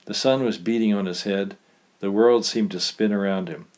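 Male author narrating his own fiction; low voice, plain steady reading. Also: normal speed. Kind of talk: story reading.

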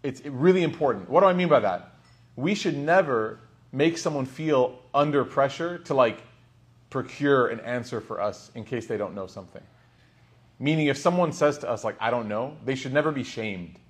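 A man's voice: mid-range voice, lively intonation, normal speed. Conversational man teaching a class. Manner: conversational, frequent "like" and "right?". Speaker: Islamic teacher. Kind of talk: lecture storytelling.

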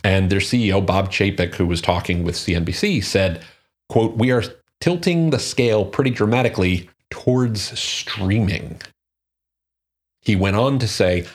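A marketing commentator gives a solo talk, reading out quotes and figures before emphatically stressing his own points. His voice is fairly low, animated and husky, at a normal speed.

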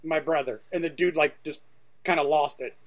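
A man from Ohio co-hosting a podcast, chatting in a relaxed way and telling stories. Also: on the high side, normal speed. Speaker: podcast co-host. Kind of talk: casual podcast chat.

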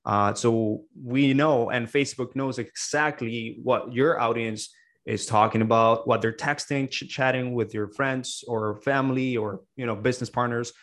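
A man's voice: medium pitch, fairly even intonation, normal speed, fairly bright tone. A man as a podcast guest, explaining in an earnest, casual way. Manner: earnest, explains with many fillers and restarts. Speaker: podcast guest, agency owner. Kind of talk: casual interview talk.

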